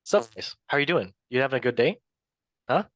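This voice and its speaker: A man's voice: medium pitch, animated, brisk, a little hiss or hum, lightly acted. A man putting on a laid-back male comedian voice, drawling and giggly with lots of repetition. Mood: goofy.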